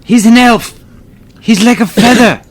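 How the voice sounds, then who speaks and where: Man doing a pious warrior, eager, grandiose, tabletop game, high voice. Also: a little slow. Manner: grandiose, formal phrasing.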